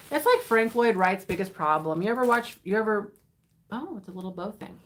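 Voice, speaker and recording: Giddy, rambling woman on a live stream. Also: on the low side. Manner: giddy and rambling, laughs often. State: tired. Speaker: vintage reseller hosting an unboxing. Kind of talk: casual live-stream chat.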